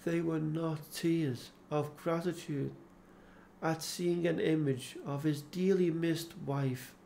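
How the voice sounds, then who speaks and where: A man narrating an audiobook in a slow, measured, solemn reading. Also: a little high, fairly even intonation, gravelly, dark tone, a little hiss or hum.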